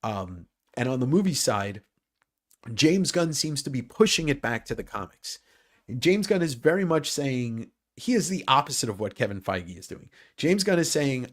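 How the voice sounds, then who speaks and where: A man's voice: medium pitch, very animated, moderate pace. A man hosting a casual livestream chat about comics who rambles, jokes and swears freely. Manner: rambling, joking, profane. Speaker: host.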